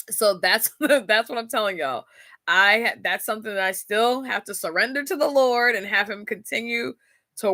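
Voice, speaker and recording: Bright-voiced chatty woman host. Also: medium pitch, creaky, dry recording, studio quality. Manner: chatty, laughing often, addresses listeners directly. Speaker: podcast host. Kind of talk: casual faith-based talk.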